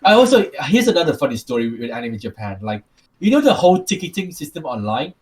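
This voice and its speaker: A man's voice: on the high side, big pitch swings, quick pace, a little mellow. A man from Taiwan with a Taiwanese accent, co-hosting a casual podcast and telling rambling stories with repeated words and restarts. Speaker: podcast co-host.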